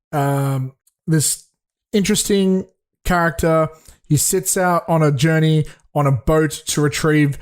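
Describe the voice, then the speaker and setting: A young podcast host talks through a film review in loose, casual chat. His voice sits a little high, and he rambles, swears freely and keeps restarting his sentences. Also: darkish tone.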